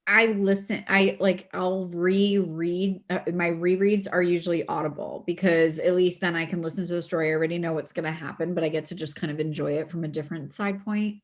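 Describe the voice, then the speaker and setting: Guest author, woman, lower voice; loose, animated talker who laughs a lot. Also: fairly quick, few pauses. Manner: animated, laughs often, frequent fillers and restarts. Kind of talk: casual podcast interview.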